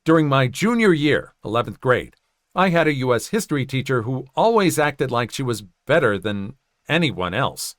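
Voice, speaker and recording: Man telling a first-person story, lively pitch, casual asides, dry close recording. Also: normal speed, dry recording. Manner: conversational, with joking asides and small laughs. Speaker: story narrator.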